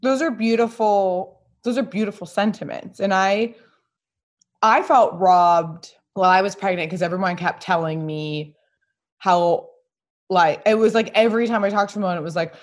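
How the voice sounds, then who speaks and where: A woman hosting a casual chat, candid and animated, often acting out what others said to her. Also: medium pitch, normal speed. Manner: candid, animated storyteller who acts out quotes. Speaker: podcast host.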